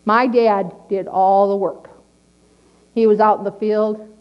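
A middle-aged woman preaching a sermon in a plainspoken, earnest way, repeating key lines slowly for emphasis. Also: medium pitch, level tone, clear, resonant tone, dull audio.

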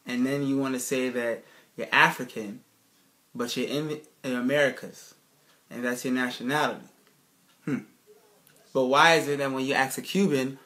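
A man's voice: medium pitch, fairly even intonation, normal speed, pauses often, fairly bright tone. A man giving a casual spoken lecture over slides, emphatic and full of rhetorical questions, often checking in with his listeners and restarting sentences. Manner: emphatic, keeps asking "right, people?".

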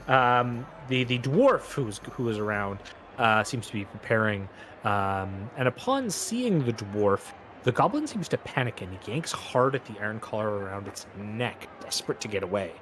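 A man with a lowish voice, big pitch swings and a fairly bright tone runs a tabletop game as game master. He narrates loosely at a moderate pace with many fillers, and there is slight background noise.

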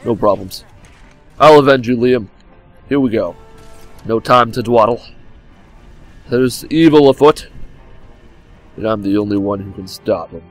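A young man with a mid-pitched voice commenting on a game from home, with faint music behind him. He jokes, hams up mock-dramatic lines and yelps when things go wrong, drifting off his desk mic now and then. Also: measured pace, long pauses. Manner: jokey, swinging between mock drama and sudden yelps. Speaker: gameplay commentator. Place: home room by a game console. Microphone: desk microphone, leaning back from it now and then.

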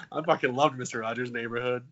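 On a laid-back comedy podcast, this twenty-something co-host jokes around, curses freely, and slips into goofy high-pitched voices. His tone is fairly bright, and the sound is lo-fi.

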